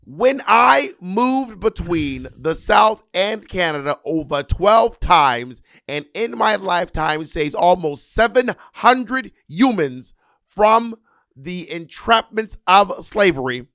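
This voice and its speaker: A man putting on a proud heroic woman, slow and declaiming, as a comedy bit. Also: high-pitched, very animated, gravelly, fairly bright tone, no echo, clean studio sound, pitched above the performer's own voice, heavily acted. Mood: grandly earnest. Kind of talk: comedic impression.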